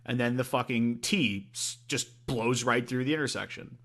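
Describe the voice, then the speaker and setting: A man's voice: mid-range voice, normal speed, fairly bright tone. A man co-hosting a podcast in casual chat, rambling with many fillers and swearing freely. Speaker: podcast co-host.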